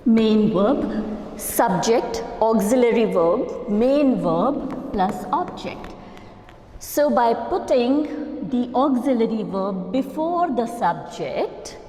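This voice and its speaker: A woman with an Indian English accent gives a grammar lecture in a fairly high voice. She explains step by step, repeats her key terms and keeps checking in with her listeners. The sound rings with long reverb, as if from a large echoey room. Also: warm tone.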